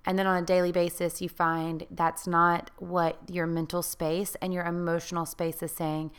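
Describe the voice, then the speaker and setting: A woman's voice: fairly low pitch, little pitch movement, normal speed, clear, resonant tone. A woman hosting a talk on healing after divorce, speaking in an earnest, coaxing way and asking many questions. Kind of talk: encouraging self-help talk.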